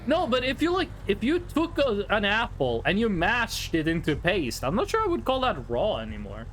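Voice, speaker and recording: A man's voice: sits high, huge pitch swings, normal speed, a bit bright, slight background noise. A young Norwegian man with a Norwegian accent, chatting casually and jokily with his chat while streaming a game. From Norway. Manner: rambling, chatty, answers chat, jokey.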